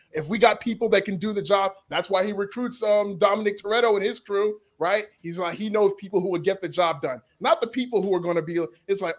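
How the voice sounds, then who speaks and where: A man making a rambling, emphatic case in a casual podcast debate. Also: high voice.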